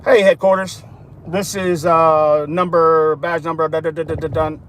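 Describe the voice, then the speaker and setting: A routine, matter-of-fact male patrol cop, put on by a man with a fairly high voice, checking on a car's occupants and then calling it in with casual radio lingo. Faint street noise sits behind him. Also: flat delivery, normal speed, a bit bright, close to an everyday voice. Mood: flat report.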